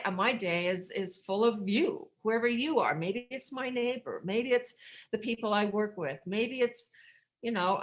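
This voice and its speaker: At a recovery workshop, a middle-aged American woman shares her own story in a personal storytelling share, candid and rambling, with dark humor and many restarts. Her voice is medium-pitched.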